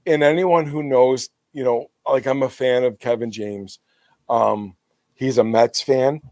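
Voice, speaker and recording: A man co-hosting a podcast in casual chat, retelling a funny skit with animated energy and laughter into his podcast microphone. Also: mid-range voice, a little slow, dry recording, studio quality. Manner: animated storyteller who laughs while retelling. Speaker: podcast co-host.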